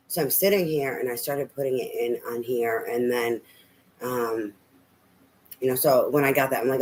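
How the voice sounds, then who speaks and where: A man talks through a tarot reading in a loose, rambling way. He hesitates often and fills the gaps with ums and restarts. His voice sits at a middling pitch, and a faint hiss of noise runs underneath. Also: unhurried, pauses often, rough recording. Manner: rambling, hesitant, many fillers. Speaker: tarot reader. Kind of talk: casual spoken tarot reading.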